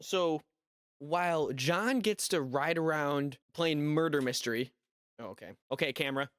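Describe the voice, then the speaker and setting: Young male reaction commentator, slightly high voice, dry close mic, incredulous rambling delivery. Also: normal speed, a bit bright, no echo. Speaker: commentary YouTuber.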